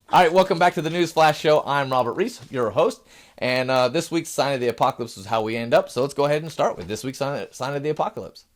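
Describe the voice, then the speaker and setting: A man's voice: mid-range voice, brisk. A middle-aged man hosting a satirical news show, acting out shoppers and clerks and sometimes fumbling and restarting his lines. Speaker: host.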